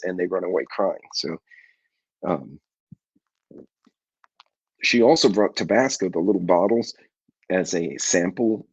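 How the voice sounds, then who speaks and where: A middle-aged man hosting a casual live chat with viewers, telling rambling folksy stories and clearing his congested throat often. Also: sits low, a little mellow, no echo, poor audio. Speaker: livestream host.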